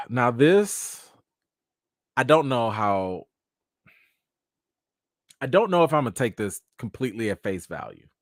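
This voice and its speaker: A man hosting a live commentary chat, talking in an animated, slangy way. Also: medium pitch, no echo, clean studio sound. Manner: animated, slangy, acts out quotes. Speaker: host.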